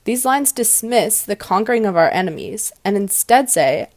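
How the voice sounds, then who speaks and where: A woman giving a class presentation on poetry, explaining clearly and stressing her example lines. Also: mid-range voice, lively intonation, normal speed, darkish tone, no echo, clean studio sound.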